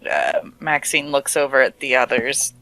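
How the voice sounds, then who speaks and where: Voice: mid-range voice, big pitch swings, moderate pace, gravelly, pushed and bright, poor audio. A player describing their character's actions in a tabletop game, hesitant with many fillers.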